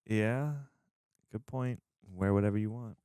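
A man hosting a movie reaction, talking casually and laughing often with loud exclamations. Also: lowish voice, fairly even intonation, measured pace, clean tone.

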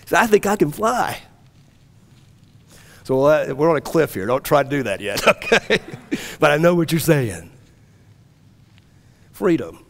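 A man's voice: a little high, very animated, unhurried, creaky, pauses often. Man preaching in a reverberant church. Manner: storytelling, rising to loud passionate preaching. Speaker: pastor. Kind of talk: sermon. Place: church sanctuary. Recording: long reverb of a church hall.

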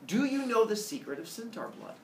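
Brief: a scheming, friendly-sounding centaur, put on by a male teacher, gravelly, in an echoey room. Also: very high-pitched, sing-song, fairly quick, background noise, pitched above the performer's own voice, heavily acted. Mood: sly. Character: sly male centaur, smooth-talking trickster. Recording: echoey classroom from far off.

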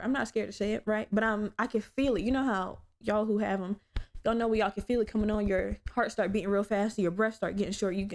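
A young woman hosting her own podcast, telling stories in a blunt, profane, animated way. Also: mid-range voice. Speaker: podcast host. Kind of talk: casual solo podcast chat.

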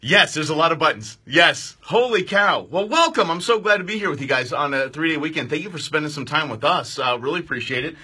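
Fired up guy hosting a live radio show, super bright husky voice, jumps all over in pitch. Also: fairly quick, hardly any pauses. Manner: excitable, loud, jokey, bantering with studio crew. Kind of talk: live outdoor talk radio. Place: radio studio.

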